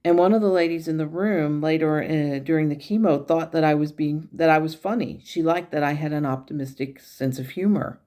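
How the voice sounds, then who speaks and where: A woman calmly recounting her channelled conversation with an angel in a wry, reflective manner. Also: deep voice, a little fast, hardly any pauses. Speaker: spiritual channel host.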